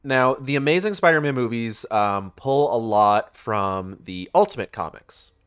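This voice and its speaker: A young man chats through a game stream, rambling and swearing as he retells a story with lots of energy. His voice is mid-pitched and close to a desk mic. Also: measured pace, smooth. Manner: rambling, profane, animated retelling. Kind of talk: casual game stream commentary.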